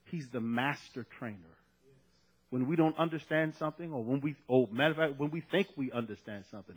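A man's voice: mid-range voice, fairly quick, husky, low-quality recording. A man preaching a sermon, conversational and at times emphatic, drawing out key phrases.

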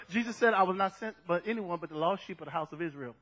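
Fervent high-voiced preacher, hoarse edge. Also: male voice, quick pace, hardly any pauses, low-quality recording. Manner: fervent, swings from quiet to shouting, acts out scripture. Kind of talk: sermon.

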